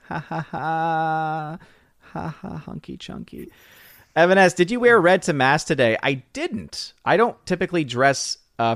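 Greeting his viewers by name and reading their chat comments, a southern U.S. man hosts a relaxed live stream. He has a mid-range, slightly bright voice with vocal fry, recorded at studio quality with no echo.

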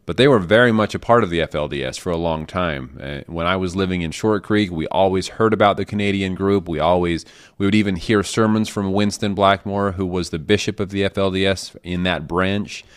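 A man co-hosting a podcast, speaking earnestly and in a measured way. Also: sits low, clean tone, no echo, studio quality. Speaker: podcast co-host. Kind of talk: casual chat.

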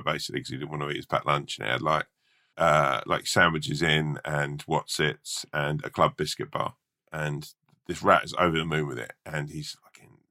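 A man's voice: a bass voice, pushed and bright. A man co-hosting a podcast and telling a rambling, swear-laden story full of fillers. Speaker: podcast co-host. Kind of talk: casual chat and rambling storytelling.

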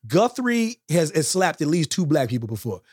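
A man co-hosting a wrestling podcast, ranting with animated energy and frequent repetition. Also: on the high side, quick pace, very noisy. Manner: animated, repeats himself, loud rants. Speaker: podcast co-host.

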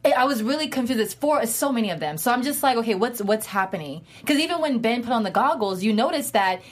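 A woman's voice: fairly high pitch, expressive, fast talker. Chatty woman thinking aloud. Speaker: podcast co-host. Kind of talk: casual group chat about a TV show.

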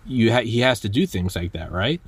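A man hosting a podcast, telling stories in a lively, animated way and acting out quotes. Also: fairly low pitch, fairly quick, breathy edge. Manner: animated storyteller, acts out quotes, many restarts. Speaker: podcast host. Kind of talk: casual conversation.

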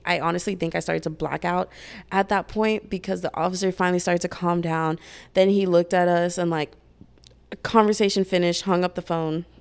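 A young woman telling a personal story in a casual storytime vlog, animated and chatty, full of fillers, acting out what others said. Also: lowish voice, vocal fry. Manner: animated, fast-talking, many fillers, voices quoted lines loudly.

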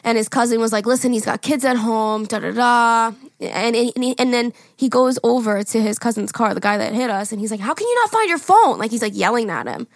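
Lively young woman telling a story. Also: a little high, a little fast, hardly any pauses, no echo. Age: young adult. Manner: animated, acts out quotes, laughs often. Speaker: podcast co-host. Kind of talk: casual storytelling chat.

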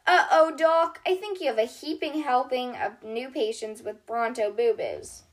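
A woman's voice: high voice, expressive, unhurried. A woman voicing a bubbly, folksy toy nurse in a children's storybook reading. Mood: exclaiming. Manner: exclamatory, folksy. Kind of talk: storybook read-aloud for kids.

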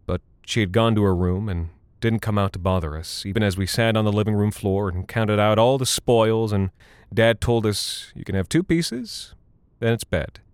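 A man giving a measured, somber first-person scripted horror narration. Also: fairly low pitch, steady tone, smooth, dry recording. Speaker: narrator and voice actor.

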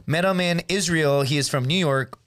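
A man's voice: a little high, normal speed, clear, resonant tone. A man telling rambling, profane stories as a podcast guest, full of dude and bro, acting out voices as he goes. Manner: animated, acts out voices in stories. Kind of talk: casual storytelling chat.

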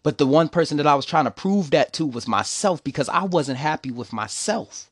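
A man's voice: fairly high pitch, expressive, a little fast, husky, no echo, clean studio sound. A young man telling a personal story, emotional and preachy. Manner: emotional, preachy, repeats "see, the thing is".

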